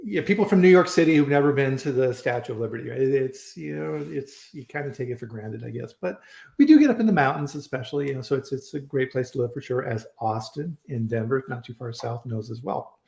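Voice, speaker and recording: A man's voice: medium pitch, lively intonation, fast talker, gravelly, a little mellow. A man hosting a live online chat, talking casually and rambling with restarts and fillers. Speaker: host of a live online food safety chat. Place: home in Colorado. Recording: roomy echo.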